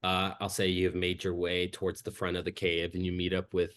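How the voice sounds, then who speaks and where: A man's voice: low voice, monotone, fairly quick, a bit bright, clean tone. A man narrating a tabletop game as game master, in a casual style full of fillers.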